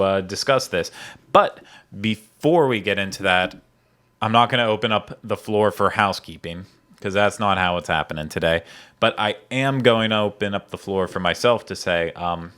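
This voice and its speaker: A man's voice: sits low, fairly bright tone. A man hosting a podcast in casual chat, rambling with lots of fillers. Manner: rambling, chatty, many fillers. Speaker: podcast host.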